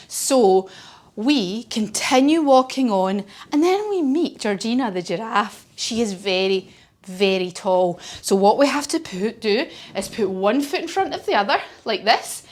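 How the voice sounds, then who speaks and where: A woman leading a children's yoga class as a story, gentle and encouraging. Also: high voice, expressive, takes it slowly. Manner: gentle, encouraging, sing-song. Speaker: kids' yoga teacher.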